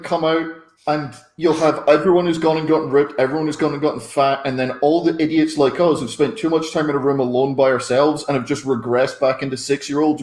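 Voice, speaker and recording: A man's voice: mid-range voice, darkish tone, echoey room. A man, a comedian, chatting playfully over a video call with stammering restarts. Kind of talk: casual chat.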